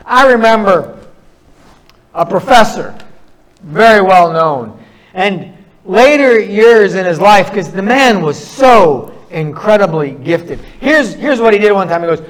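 Middle-aged guy giving a sermon, kinda high voice, earnest, slows down and pauses a lot. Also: animated, poor audio. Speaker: preacher.

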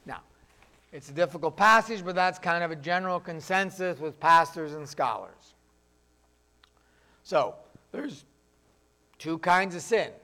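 A man's voice: on the high side, lively intonation, unhurried, long pauses, pushed and bright. A man preaching a sermon as pastor, in a plainspoken, conversational way, acting out voices of the people he quotes.

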